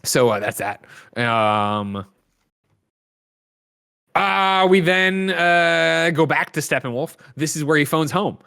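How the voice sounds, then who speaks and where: A man hosting a casual movie-review podcast, recapping scenes in an excitable, profane, rambling way. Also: on the high side, takes it slowly, gravelly, pauses often, clean tone. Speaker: podcast host.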